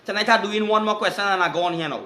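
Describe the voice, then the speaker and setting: A Trinidadian man hosting a rambling live stream, with loud, excited greetings and shout-outs. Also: sits high, very fast. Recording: echoey room.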